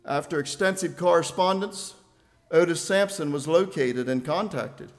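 Preaching at a normal pace, an older man builds his sermon toward loud, emphatic lines, then drops into a hushed, low voice.

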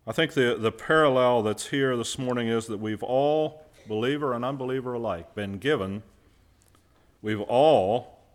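A man preaching a sermon, who puts questions to his listeners and answers them himself, and stresses key words by repeating them. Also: medium pitch.

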